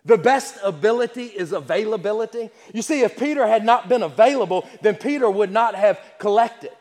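A man's voice: high-pitched, brisk, a little mellow. A man preaching a sermon in a church, with rhythmic phrasing, repeating key lines and reading scripture aloud. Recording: long echo of a church hall.

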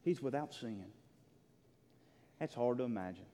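A pastor preaching a sermon in a church, emphatic, swinging between loud declarations and hushed, near-whispered lines. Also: male voice, mid-range voice, animated, unhurried. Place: church sanctuary. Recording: long reverb of a large hall.

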